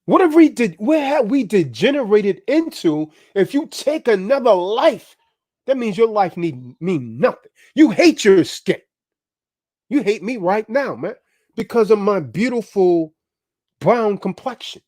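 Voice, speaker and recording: Man, livestream preacher; high, very lively delivery, dead-dry sound. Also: unhurried, no echo. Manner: preachy, exhorting, repeats "man". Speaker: livestream host.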